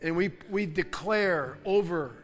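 A man preaching a sermon and leading prayer, fervent and declaring, building to loud repeated proclamations. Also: sits high, a little slow. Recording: long hall reverb with soft guitar music.

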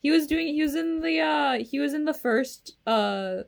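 A woman chatting casually about movies with friends, jumping in with quick remarks. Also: sits high, lively intonation, gravelly.

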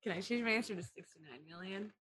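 A woman's voice: medium pitch, lively intonation, quick pace, fairly bright tone, husky. A woman bantering playfully with friends in a casual chat. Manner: playful, giggly.

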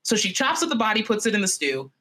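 A young adult woman hosting a podcast who tells a dark fairy tale in an animated, profane, chatty way. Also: mid-range voice, fast. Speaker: podcast host. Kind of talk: comedic storytelling.

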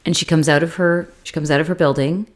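A woman co-hosting a casual podcast chat, recapping a TV series and acting out the characters' lines with big leaps in pitch. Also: quick pace. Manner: animated retelling, acts out quotes with big pitch jumps. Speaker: podcast co-host.

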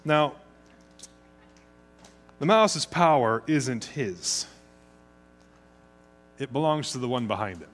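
A man's voice: medium pitch, takes it slowly, long pauses, soft background music. Chatty man preaching a sermon. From United States. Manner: conversational, chatty, speeds up when excited. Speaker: pastor.

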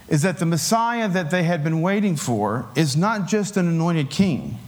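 A man delivers a sermon in a casual, talky manner, slipping in filler words and easy chuckles. His voice sits a bit higher than most men's. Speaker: preacher.

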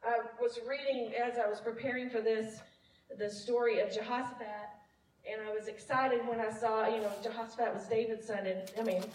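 A woman's voice: a little high, fairly even intonation, brisk, recorded from a distance, slight background noise. Laughing woman preaching in an echoey church. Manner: conversational and self-deprecating, laughing often. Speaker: praise and worship leader. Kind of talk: church testimony sermon. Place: church sanctuary. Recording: echoey room, mic from afar.

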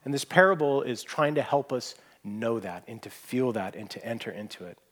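A man preaching a sermon, earnest, pressing points hard and then dropping to a hushed voice. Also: mid-range voice, lively intonation, moderate pace. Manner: earnest, swings from emphatic to hushed. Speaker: pastor.

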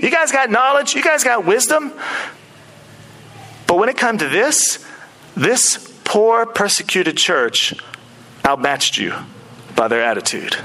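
A man preaching a sermon in an animated, conversational way, often acting out quoted speech. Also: on the high side, rough recording. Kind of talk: expository sermon.

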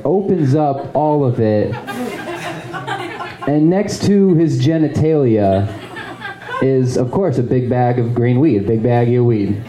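A man's voice: medium pitch, warm tone, echoey room, low-quality recording. A man telling a story at a live show, rambling with lots of fillers and chuckling at his own tale. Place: live show in a small venue.

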